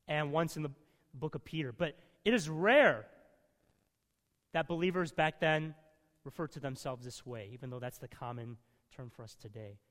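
A man preaching a sermon, emphatic, swinging from loud stresses to quiet asides. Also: a little high, in a large hall.

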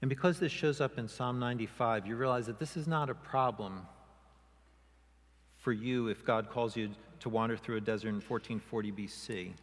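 A man delivers a sermon in a church sanctuary, his middle-pitched voice carrying a long reverb tail. He preaches expressively, lifting his voice when he acts out quoted speakers and stressing the key lines. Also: moderate pace. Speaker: pastor.

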